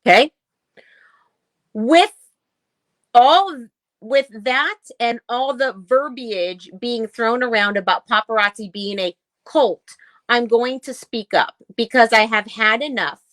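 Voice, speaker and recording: A woman's voice: fairly high pitch, slow pace, a bit bright, no echo. A woman co-hosting a casual talk show, ranting bluntly and swearing as she reads posts aloud. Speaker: podcast co-host. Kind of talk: casual chat.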